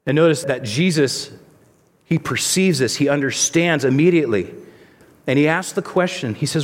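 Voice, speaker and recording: A man's voice: mid-range voice, lively intonation, fairly quick. A male pastor preaching a sermon in a conversational way, asking the listeners rhetorical questions. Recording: long reverb of a large hall.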